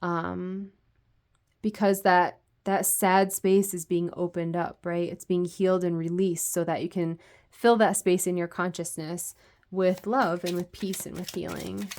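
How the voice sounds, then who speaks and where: A woman giving a casual spoken tarot reading in a gentle, meandering way, with many fillers. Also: fairly low pitch, little pitch movement, a little slow. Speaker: tarot reader.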